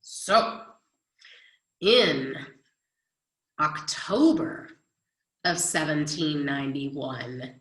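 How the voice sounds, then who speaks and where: A woman's voice: medium pitch, expressive, takes it slowly, fairly bright tone, roomy sound, poor audio. A woman history teacher giving a chatty recorded lecture, explaining with everyday examples.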